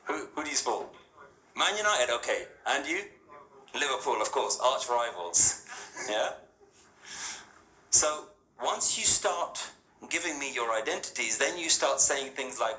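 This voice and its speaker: In an echoey hall with faint ambience and slight background noise, a spiritual speaker addresses a live audience at a moderate pace. His medium-pitched voice is sharp in tone and lively in intonation. The talk is casual and interactive: he poses questions and keeps checking in with "yeah?" and "right?".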